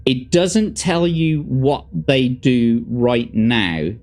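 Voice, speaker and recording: A man's voice: medium pitch, extremely slow. A man hosting a show, reading a fantasy gamebook aloud to a guest and chatting casually between the passages. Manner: lively, expressive reading with relaxed asides. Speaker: host and gamebook reader.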